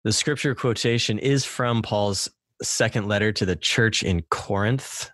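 A man's voice: on the low side, a little slow, a bit bright, no echo, studio quality. A man hosting a casual podcast, upbeat and playful, talking to a co-host over the internet. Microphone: podcast mic over the internet.

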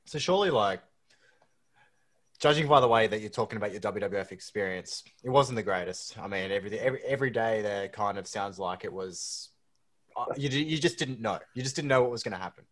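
A man's voice: fairly low pitch, a bit bright. A man hosting a podcast and asking loose, rambling interview questions. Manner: quick, loose questioning with fillers. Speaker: podcast host.

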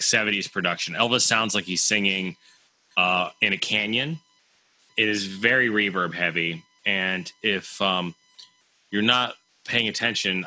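A man's voice: on the low side, pushed and bright, no room sound, low-quality recording. A man co-hosting a podcast over a video call from home, chatting casually and often repeating words as he starts sentences. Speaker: podcast co-host. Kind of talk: casual chat.

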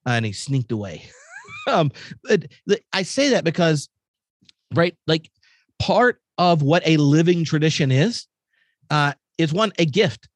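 A man giving a casual, animated theological talk, full of fillers like "like" and "um". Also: fairly high pitch, a little slow, long pauses, no room sound. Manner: animated, filler-heavy, conversational. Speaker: podcast guest speaker.

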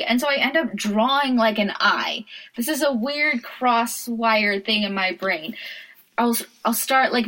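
A woman's voice: fairly high pitch, fairly bright tone. Giggly, playful woman chatting. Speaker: podcast co-host. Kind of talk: casual chat.

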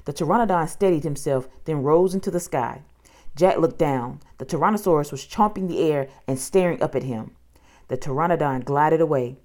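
A woman reading a children's book aloud, with steady, expressive storytelling. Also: deep voice, normal speed.

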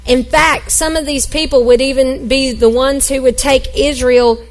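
A middle-aged woman pastor preaching a sermon, reading scripture and acting out the characters with animated storytelling. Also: high-pitched, moderate pace, rough recording. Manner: animated storytelling, acts out grumpy Jonah.

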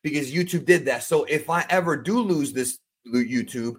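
A man's voice: on the high side, normal speed, husky. A man talking as a guest on a podcast, speaking frankly and earnestly, with casual slang and many restarts.

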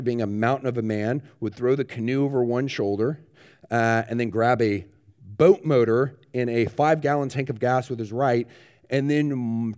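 A man preaching a sermon, telling vivid stories with growing animation. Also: medium pitch. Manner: animated storyteller, rising excitement, laughs. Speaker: pastor. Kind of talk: sermon storytelling.

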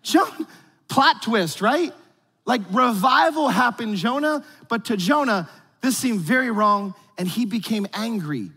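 A man's voice: high voice, expressive, unhurried, bright, forceful tone, slightly rough. A man preaching a conversational, joking sermon to his congregation in a church. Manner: playful, joking, talks straight to the congregation. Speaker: pastor. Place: church sanctuary. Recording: long reverb from a large hall.

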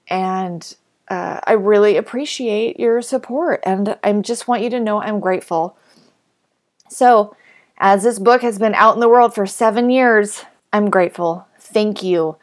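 Woman in her 30s on her podcast, talking from the heart, gets emotional, lots of little restarts. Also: mid-range voice. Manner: emotional, grateful, with hesitant restarts. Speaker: podcast host and author. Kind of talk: heartfelt personal monologue.

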